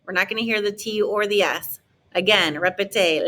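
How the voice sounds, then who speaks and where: A woman's voice: mid-range voice, sharp tone. A woman teaching a French lesson, explaining grammar in a chatty, encouraging way and drawing out model words for students to repeat. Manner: slow, drawn-out model pronunciations for repetition. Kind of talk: classroom language lesson.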